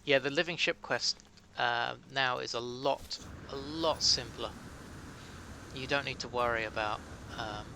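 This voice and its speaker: Amid a noisy background, a British man chats casually with his live-stream viewers while playing a game. His mid-range voice moves at a measured pace, and he jokes at his own expense.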